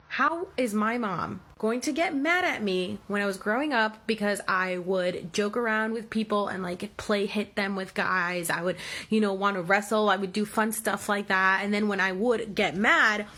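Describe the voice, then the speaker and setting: A woman's voice: mid-range voice, pushed and bright. A woman in her thirties ranting angrily into her own vlog, emphatic and swearing heavily. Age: 30s. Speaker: vlogger. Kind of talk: heated personal story rant.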